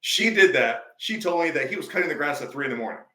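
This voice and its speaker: A man's voice: on the high side, lively intonation, fast talker, bright, forceful tone, roomy sound, poor audio. A male life coach, a podcast guest, telling stories emphatically in a preachy, conversational way.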